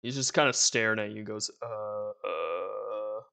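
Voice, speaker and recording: A young man narrating a tabletop game as game master, casual and relaxed, laughing easily. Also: fairly low pitch, fast talker, creaky.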